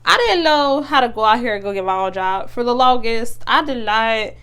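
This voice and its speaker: A woman's voice: fairly high pitch, expressive, normal speed, sharp tone, clear, resonant tone. A young woman, hosting a casual motivational talk, chatty and earnest with many fillers and restarts. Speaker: podcast host.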